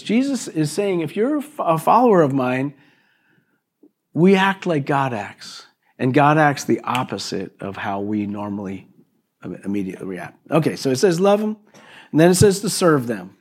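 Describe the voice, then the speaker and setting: Male pastor, slightly higher voice, conversational sermon delivery, checks in with the congregation, acts out dialogue. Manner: conversational preaching with frequent "okay" and "right?" asides; acts out quoted exchanges with his neighbor. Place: church service before a congregation.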